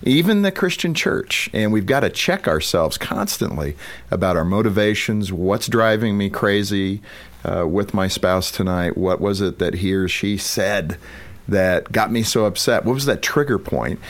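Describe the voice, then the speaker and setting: A man's voice: fairly low pitch, sing-song, a little slow. A man appearing as a guest author in a conversation, speaking in an earnest, reflective way. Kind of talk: casual chat.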